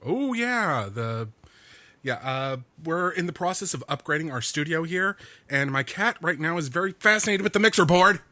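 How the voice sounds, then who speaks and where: A man with a bright, forward voice co-hosts a relaxed podcast from a small home studio. He sounds upbeat and laughs easily between points. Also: on the high side, moderate pace, no echo. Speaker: podcast co-host. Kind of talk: casual chat.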